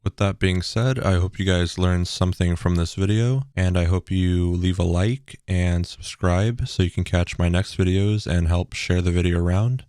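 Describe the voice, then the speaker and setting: A young man giving a casual tutorial in a loose, relaxed way with frequent ums, recorded on a bass-heavy broadcast microphone at home. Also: normal speed, few pauses, clear, resonant tone, no room sound, studio quality. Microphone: bass-heavy broadcast dynamic microphone.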